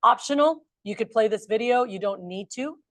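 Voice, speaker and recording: A woman's voice: fairly high pitch, moderate pace, a bit bright, dry recording. A woman leads a training session in a chatty, upbeat way. She talks straight to a room full of trainees. Her voice sits close and dry, with almost no room sound. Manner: chatty, upbeat, addresses the group as "you guys". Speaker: sales trainer. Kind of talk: training a group. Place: meeting room with a large group.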